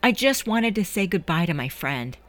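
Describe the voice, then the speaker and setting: A woman's voice: lowish voice, sing-song, normal speed. A woman voicing an earnest, lovesick teenage boy who talks hesitantly and pleads.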